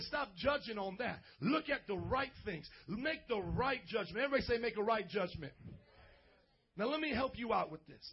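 Husky pastor guy preaching, keeps asking the crowd to say amen. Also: very high voice. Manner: playful, calls for audience response, acts out little scenes. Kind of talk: energetic sermon to youth. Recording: dull lo-fi recording.

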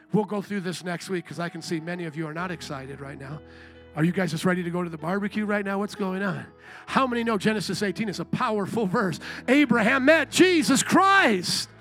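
A male pastor preaching a conversational sermon, emphatic, bursting into raised shouts. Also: high-pitched. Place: church sanctuary.

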